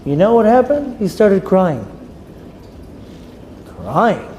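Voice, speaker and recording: A man's voice: sits high, very animated, slow pace, a little mellow. A man who is a rabbi, teaching a Torah class by telling a story with dramatic voices for the people in it and Hebrew terms mixed in. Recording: long reverb with faint ambient noise.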